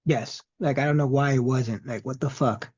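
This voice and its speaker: Husky mellow-voiced man, casual chat. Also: mid-range voice, fairly even intonation, moderate pace, dull audio. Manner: profane, laughs often. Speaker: podcast co-host.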